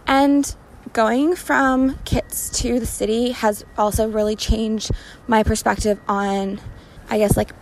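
Young woman, podcast host, casual rambling talk, raised pitch, gravelly fry, walking down a city street, faint traffic and sirens behind her. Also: rough recording. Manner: rambling, candid, laughs often. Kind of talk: casual solo podcast episode. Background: sirens, cars, restaurant fan.

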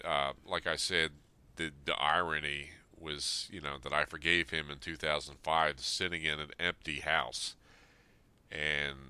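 Man in his fifties with a low voice and a hard, forceful edge. He is earnest and plain-spoken, reading a letter aloud and then reflecting on it. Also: clear, resonant tone, dry recording. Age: 50s. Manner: earnest, plain-spoken, speaking straight to his late father. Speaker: Army veteran sharing a personal letter.

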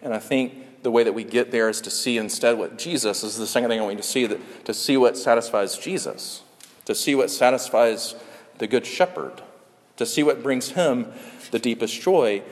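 A man preaches in a large hall, his voice trailing into a long reverb. He has a mid-range pitch and leans hard on repeated phrases with earnest emphasis. At times he sinks into soft, hushed passages. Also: normal speed. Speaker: pastor. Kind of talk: sermon.

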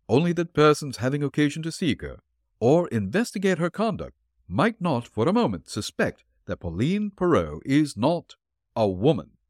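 A man reading the part of a calm, shrewd male detective who explains his clues dryly. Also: mid-range voice, no echo, pitched above the performer's own voice. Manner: dry, explanatory, deliberate.

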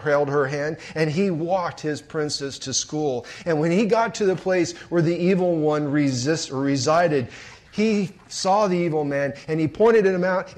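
A man preaching and telling a story in a large hall, dropping to hushed murmurs and swelling forcefully. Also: fairly high pitch. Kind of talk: sermon storytelling.

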